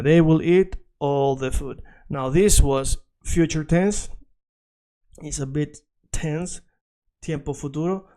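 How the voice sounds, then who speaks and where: Patient man teaching, dark voice. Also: on the high side, clear, resonant tone. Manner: explains patiently, repeats words, checks in with "all right?". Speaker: Spanish teacher. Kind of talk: video language lesson.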